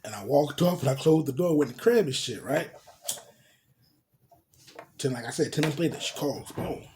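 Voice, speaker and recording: A man's voice: a little high, lively intonation, moderate pace, darkish tone, slight background noise. A man telling a crude personal story in casual slang, dropping in spoken sound effects. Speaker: storyteller vlogger.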